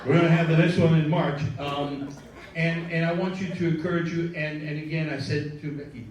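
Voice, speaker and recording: Rambling, cursing storyteller joking with the crowd; slightly high voice in an echoey room. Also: male voice, steady tone, a little fast, a little mellow. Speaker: storyteller and show producer. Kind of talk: live storytelling performance. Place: live event room with an audience. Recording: echoey room, mic at a distance.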